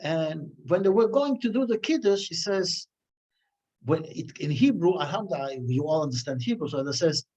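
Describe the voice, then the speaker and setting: A man's voice: a little high, lively intonation, moderate pace, a little mellow. A man giving a weekly Torah class, telling stories with many restarts and fillers. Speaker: Torah teacher. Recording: dull lo-fi recording.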